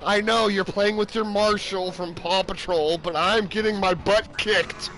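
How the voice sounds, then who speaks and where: A man streaming live gameplay commentary into a headset mic, often yelling in frustration and laughing. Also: high-pitched, steady tone, a little slow, poor audio. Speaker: game streamer.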